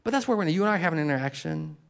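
A man preaching a sermon in a casual, chatty way, full of fillers and asides, who drops to a soft hush when reciting prayers. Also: a little high, expressive, very fast, creaky. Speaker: pastor.

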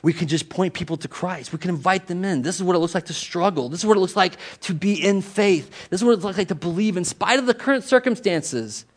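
At a church service, a male pastor with a high voice preaches fast and pauses little. His sermon is conversational, shifting between forceful emphasis and quiet, hushed moments.

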